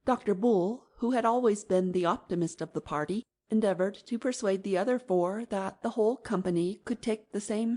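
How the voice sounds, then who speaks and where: A woman narrating an audiobook in an even, measured manner. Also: medium pitch.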